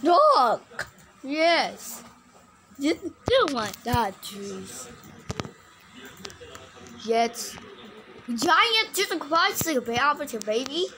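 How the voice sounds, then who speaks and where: A woman giving excitable, casual gameplay commentary, exclaiming and repeating her words. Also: high-pitched, very slow, long pauses, a little hiss or hum, low-quality recording. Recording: game music playing behind.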